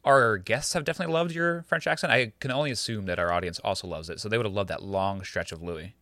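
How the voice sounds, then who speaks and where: A man's voice: fairly low pitch, fast, pushed and bright, no echo. A man co-hosting a podcast, chatting in a jokey, offhand way with hesitant fillers. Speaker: podcast co-host. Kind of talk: casual recap chat.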